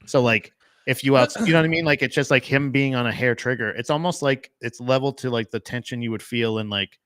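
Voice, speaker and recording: A man's voice: medium pitch, a little fast, a bit bright, slight background noise. A man chatting casually about movies as a podcast co-host, rambling with lots of fillers and swearing.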